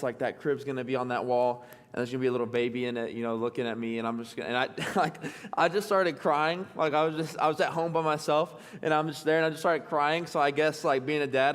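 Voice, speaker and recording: A young man with a Texan accent preaching a sermon in a church, chatty and self-deprecating, full of ums and restarts. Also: fairly high pitch. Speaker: pastor. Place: church hall. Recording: long reverb of a church hall.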